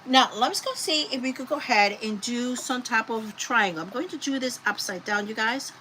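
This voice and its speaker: Woman, live craft host, chatty and rambling, slightly high voice, noisy background. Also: normal speed. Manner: chatty, rambling, talks to viewers. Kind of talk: casual live crafting chat. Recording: steady background noise.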